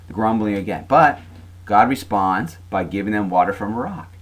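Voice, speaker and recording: Male lecturer, lowish voice, loose conversational classroom delivery. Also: expressive, moderate pace. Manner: chatty, frequent tag questions and fillers. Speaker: college lecturer.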